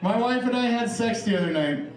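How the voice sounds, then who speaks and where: A middle-aged man's very high voice swings with lively intonation as he moves fairly quickly through a profane, chatty stand-up set, working the crowd on a club stage mic. He's far from the mic, the roomy live recording is noisy, and the audience laughs.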